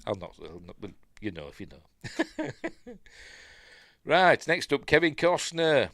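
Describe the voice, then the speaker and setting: Chatting solo on his podcast, an older man from Yorkshire, England, rambles through his favourites, laughing often and drifting off to check things. His low voice is animated, unhurried and fairly bright, jumping widely in pitch, recorded dry and close with no room sound.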